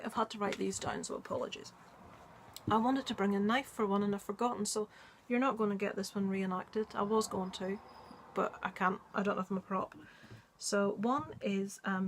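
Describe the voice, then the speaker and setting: A woman's voice: medium pitch, a little hiss or hum. A woman movie vlogger in casual chat, talking in a rambling way with many ums and asides.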